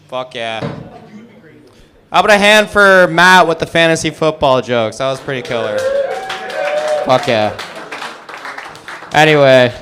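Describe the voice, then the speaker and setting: A man's voice: a little high, sharp tone, a little hiss or hum. A man doing stand-up, delivering one-liners and chuckling at his own jokes. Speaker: stand-up comedian. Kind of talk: stand-up comedy.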